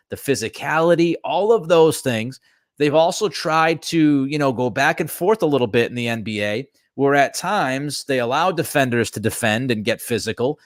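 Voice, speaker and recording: A man hosting a sports talk show, delivering animated, emphatic commentary and ranting about officiating. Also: a little high, no echo, clean studio sound. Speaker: sports radio host.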